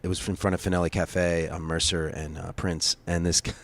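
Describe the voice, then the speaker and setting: Man, very deep voice, rambling profane storyteller, casual guest chat, bar setting. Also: little pitch movement, fairly quick. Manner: profane, rambling, laughs through stories. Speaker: podcast guest, bar co-owner. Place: closed bar, seated at table.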